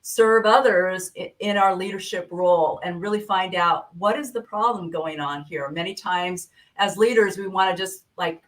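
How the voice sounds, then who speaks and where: A woman's voice: medium pitch, normal speed, a bit bright, recorded from a distance. A woman in a conversational interview about leadership, affirming her partner and reflecting thoughtfully.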